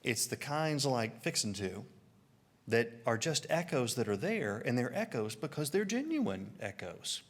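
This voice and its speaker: A man's voice: medium pitch, measured pace, hardly any pauses. A man with a Southern American accent preaching a sermon, telling stories and putting on voices for quotes. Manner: storytelling, animated, puts on voices for quotes. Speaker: pastor.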